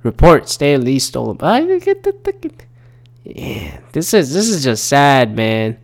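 A man's voice: mid-range voice, huge pitch swings, slow, creaky. Rambling, profane man in his thirties. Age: 30s. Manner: rambling, profane, lots of fillers and restarts. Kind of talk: casual solo commentary.

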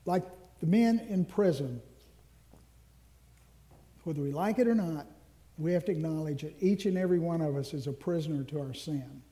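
A male minister delivers an earnest sermon in a high, mellow voice. He draws out the phrases that matter most and drops in the odd self-deprecating aside. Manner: earnest, slows down on key phrases. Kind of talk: Ash Wednesday sermon.

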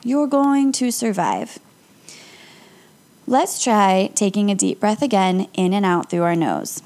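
A young woman, a yoga instructor and podcast host, talks listeners through calm breathing exercises in a casual, encouraging way. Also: medium pitch, takes it slowly. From Las Vegas area. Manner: calm, upbeat and encouraging, with light laughs.

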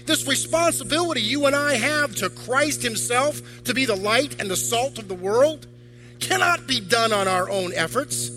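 A man's voice: extremely high pitch, expressive, normal speed, pushed and bright, soft background music, rough recording. An older man, a deacon, preaching a sermon to a congregation, firing off rhetorical questions. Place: church.

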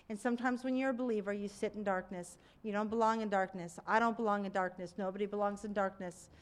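A middle-aged woman preaching in a conversational, animated way, with sudden excited exclamations. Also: medium pitch. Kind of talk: sermon.

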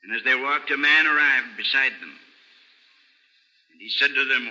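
An older man preaching a sermon, telling the story earnestly and dropping low and soft for sad passages, on an old radio recording. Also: moderate pace, pauses often. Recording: old radio broadcast recording with long hall reverb.

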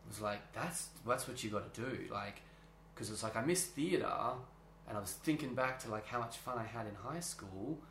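A man, a drama teacher, chatting as an interview guest. He tells stories in an animated way, laughs often and restarts his sentences. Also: mid-range voice, moderate pace, slight background noise. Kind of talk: casual interview chat. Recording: roomy echo.

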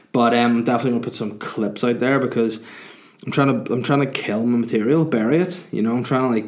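A man's voice: mid-range voice, darkish tone. A man, a comedian hosting his own podcast in a rambling, self-mocking monologue full of fillers.

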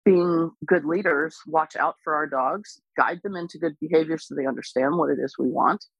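A woman dog trainer speaking as an interview guest, explaining patiently and calmly, with lively bursts when she imitates other people. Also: sits low, normal speed, breathy edge, dry recording, lo-fi sound. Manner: calm, explains patiently, animated when imitating excited owners. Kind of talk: casual explanatory interview talk.

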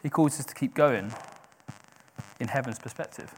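A man preaching a sermon, swinging from hushed, slow emphasis to loud, rising exhortation, correcting himself as he goes. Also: mid-range voice. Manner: self-correcting, with brief laughs.

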